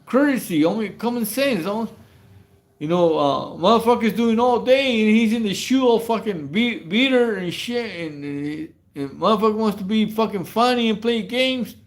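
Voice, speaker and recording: High-voiced rambling storyteller man. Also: expressive, moderate pace. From Mexico. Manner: rambling, stammering slang-heavy storytelling with frequent laughs. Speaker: livestream host. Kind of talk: casual prison stories on a livestream.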